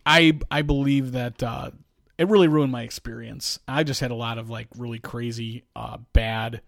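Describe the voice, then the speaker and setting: Steady and medium-pitched, this man's voice is creaky and fairly bright, at a normal pace, captured dry in a clean studio. He hosts a casual podcast, arguing his case and spinning wry stories that trail off into frequent fillers.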